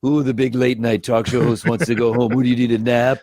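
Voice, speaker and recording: A man's voice: medium pitch, level tone, brisk, a little mellow, no room sound, lightly acted. A man voicing a teasing male puppet sidekick who needles in a sing-song, taunting way. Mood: mocking.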